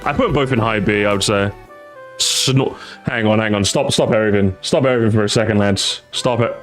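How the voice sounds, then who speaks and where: Faint music plays behind a young man chatting fairly quickly on a live stream. He's jokey and animated, sometimes jumping into squeaky, high exclamations.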